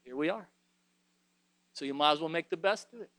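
Guy preaching a sermon, smooth resonant voice, dry close sound, gets loud then drops quiet, restarts his words a lot. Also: on the high side, animated, brisk, no room sound. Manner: fervent preaching that swings between loud exhortation and quiet reflection; stumbles and restarts phrases.

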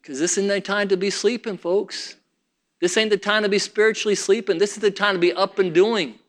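A man's voice: high-pitched, steady tone, brisk. A man preaching a sermon to his church, with rising emphasis and frequent restarts. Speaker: pastor.

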